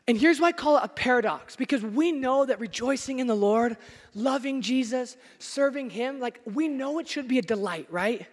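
A man preaching a sermon as pastor, energetic and joking with his listeners, shouting some words for emphasis. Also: very high voice, normal speed, in a large hall.

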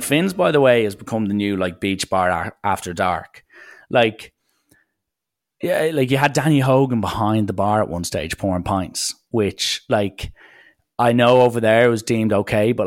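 A man's voice: fairly low pitch, normal speed. Man spinning a rambling party story. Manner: lively, jumps into quoted voices, rambling asides. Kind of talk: casual anecdote.

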